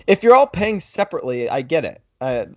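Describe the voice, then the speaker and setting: A man's voice: fairly high pitch, big pitch swings, fairly quick, darkish tone, no room sound. A young man hosting a podcast, telling a story casually in a rambling way, full of "like". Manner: rambling storyteller, heavy use of "like". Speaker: podcast host.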